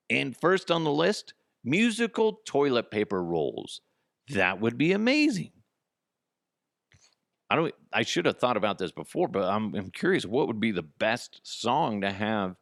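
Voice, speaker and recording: A man's voice: fairly low pitch, gravelly, a bit bright, dry recording, clean studio sound. A man hosting a comedy podcast, rambling through a casual monologue with frequent asides and free swearing. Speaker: podcast host.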